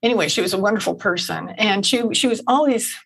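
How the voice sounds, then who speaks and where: A woman guest on a podcast, telling stories gently with frequent restarts and light laughs. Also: medium pitch, fast, vocal fry, low-quality recording. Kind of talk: conversational interview.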